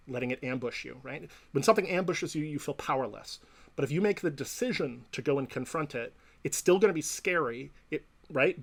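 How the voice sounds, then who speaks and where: A man's voice: medium pitch, fairly bright tone. A man giving a long reflective interview answer as a professor and psychotherapist, thoughtful and explanatory, often checking in with "right?" and "you know". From Canada.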